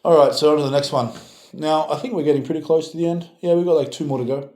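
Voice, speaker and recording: A man's voice: a little high, fast, a little mellow. A man, a strength coach, chatting casually and sarcastically as he reacts to comments, with playful mock-scolding. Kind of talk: casual reaction video chat. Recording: roomy echoey room.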